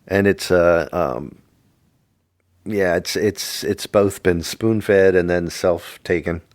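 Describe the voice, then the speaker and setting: Middle-aged man, very deep voice, rambling, jokey, dry close sound. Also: takes it slowly, no echo. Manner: jokey, rambling, repeats words, breaks into loud impressions. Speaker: podcast co-host. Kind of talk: casual religious podcast chat.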